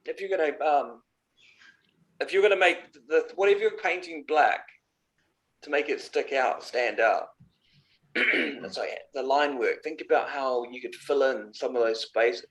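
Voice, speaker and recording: A man teaching a painting workshop, guiding a student with easygoing suggestions and relaxed chat. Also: medium pitch, measured pace, long pauses. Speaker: art tutor. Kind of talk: casual chat and instruction.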